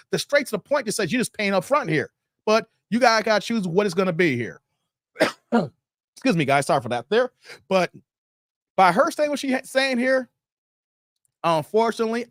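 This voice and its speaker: A fairly high-pitched man hosts a casual livestream. He talks straight to his viewers in an animated way, chuckles often and reads the chat aloud. The sound is close and dry, with no room echo. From Chicago. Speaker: livestream host.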